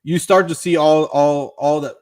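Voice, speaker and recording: A man's voice: on the high side, steady tone, moderate pace, a little mellow. A man who is a teacher, talking as a podcast guest in earnest, casual chat, repeating words and saying "dude".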